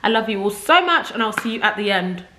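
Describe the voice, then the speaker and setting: A woman's voice: medium pitch, expressive, quick pace, sharp tone. Young woman, beauty vlogger, casual chat to camera, rambling, effusive, home makeup setup. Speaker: beauty content creator.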